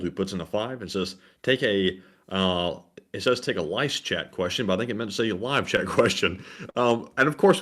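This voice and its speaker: A man's voice: fairly low pitch, fairly bright tone. A man co-hosting a livestream, reading out donor names and messages and sometimes stumbling over names. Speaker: co-host reading donations.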